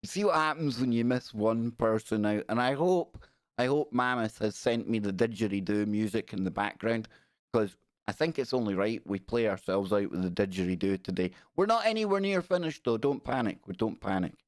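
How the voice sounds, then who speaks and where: A man's voice: on the low side, normal speed, no echo, studio quality. Chatty British man hosting a live stream. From United Kingdom. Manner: animated, chatty, jokey, reads out viewer comments. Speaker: podcast host. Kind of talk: casual live-stream chat.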